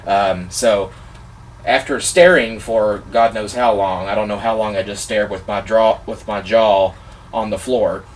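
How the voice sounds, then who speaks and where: A man vlogger telling a personal story in a casual, excitable, animated way, gushing like a fan. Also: on the low side, measured pace, distant mic, a little hiss or hum.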